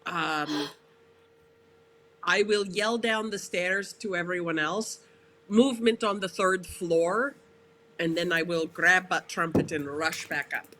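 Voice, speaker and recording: A tabletop game player chatting casually and animatedly. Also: female voice, on the low side, slow, sharp tone, a little hiss or hum.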